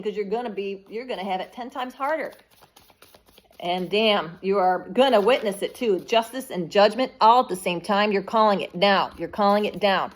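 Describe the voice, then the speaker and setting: A woman's voice: mid-range voice, moderate pace. Blunt, profane woman reading tarot. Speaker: tarot reader.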